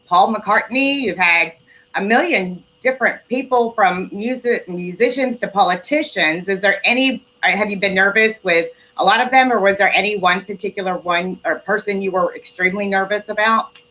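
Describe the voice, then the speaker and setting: Live-stream host, woman, mid pitch, bright sound, friendly chatter full of fillers. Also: moderate pace, low-quality recording. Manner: self-deprecating, chatty, lots of fillers. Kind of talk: casual interview.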